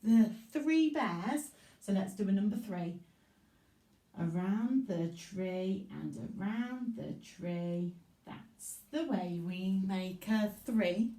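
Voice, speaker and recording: A woman teaching young children a recorded literacy lesson in a slow, encouraging way. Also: medium pitch, mellow. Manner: slow, encouraging and sing-song. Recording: echoey room, voice from far off.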